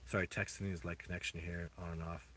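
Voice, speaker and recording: Low-voiced man rambling on a livestream. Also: level tone, pushed and bright, slightly rough. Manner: rambling, halting, with many restarts. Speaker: livestream host answering viewer questions. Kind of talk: casual live chat.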